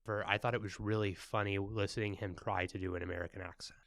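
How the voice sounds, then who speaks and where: Low, smooth young man joking on a podcast. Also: steady tone, quick pace, a bit bright, dry recording, clean studio sound. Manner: laid-back, joking, with crude asides. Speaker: podcast co-host. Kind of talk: casual chat.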